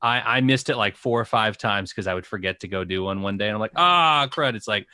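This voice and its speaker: A man's voice: on the low side, flat delivery, fast talker, sharp tone, dry recording. A man co-hosting a podcast in casual chat, easygoing, with short agreeing interjections. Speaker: podcast co-host.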